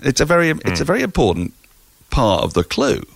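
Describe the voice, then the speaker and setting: A man talking as a podcast guest in casual chat, animated, playful and a little rambling. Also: medium pitch, fast, creaky, no echo.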